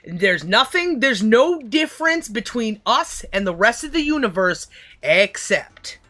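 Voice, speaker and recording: A woman's voice: fairly high pitch, sing-song, unhurried, sharp tone. A young woman hosting a livestream, rambling about philosophy in casual chat and swearing freely. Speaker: livestream host.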